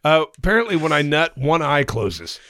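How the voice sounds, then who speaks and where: A man's voice: fairly high pitch, very animated, pushed and bright, no room sound, studio quality. An older man co-hosting a podcast, talking bluntly and crudely in casual chat. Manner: blunt, profane, drawn-out emphasis. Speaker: podcast co-host.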